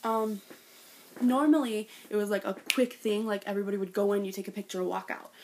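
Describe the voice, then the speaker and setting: A woman's voice: mid-range voice, fairly even intonation, a little fast, a little mellow, a little hiss or hum. A young woman telling a fan meet-and-greet story in a vlog, gushing and breathless, full of "like" and "oh my God". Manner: bursts into giggles when retelling. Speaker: vlogger.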